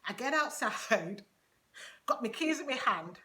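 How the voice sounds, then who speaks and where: Animated woman telling a story to her camera, high bright voice, laughs a lot. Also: a little slow. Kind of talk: casual storytelling vlog.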